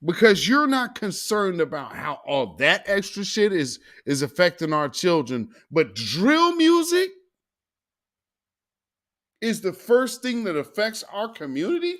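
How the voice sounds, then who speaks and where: A man's voice: high voice, very animated, unhurried, a bit bright. A man hosting a talk show, delivering an opinionated monologue with emphatic sarcasm and calling his listeners family.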